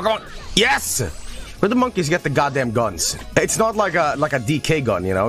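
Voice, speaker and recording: A man streaming a game, joking and swearing with excitable commentary. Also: mid-range voice. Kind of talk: casual live-stream commentary.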